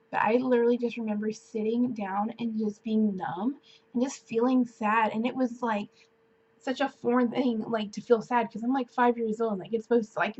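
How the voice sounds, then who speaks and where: A woman's voice: fairly high pitch, a little mellow, dull audio, a little hiss or hum. A woman in her twenties telling a personal story to camera in a chatty, casual way, full of fillers like "like" and "um". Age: 20s. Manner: chatty, filler-heavy, many "like"s and "um"s. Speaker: vlogger.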